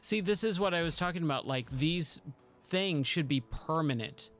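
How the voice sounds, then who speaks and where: A man's voice: on the high side, animated, normal speed, a bit bright, faint music behind. A man streaming a driving game live, talking through his moves with a self-mocking, exasperated commentary and pleading with the game.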